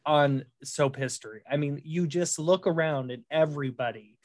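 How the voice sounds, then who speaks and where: A man's voice: on the high side, normal speed, darkish tone. A man hosting a casual podcast chat, laughing often and moving things along with questions for his co-hosts. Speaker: podcast host.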